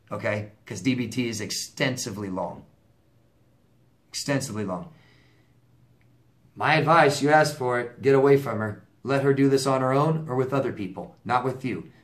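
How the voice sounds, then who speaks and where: A mid-range male voice belongs to a relationship coach handling viewer mail in an offhand advice monologue. He talks bluntly, says things more than once to drive them home, and stumbles into restarts.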